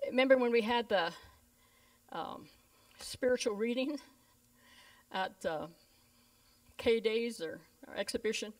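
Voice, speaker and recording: This Canadian woman pastor has a slightly high voice and speaks a little slowly, with long pauses, as she tells lively stories in her sermon and acts out each person's voice. Her voice comes across a bit distant from the mic.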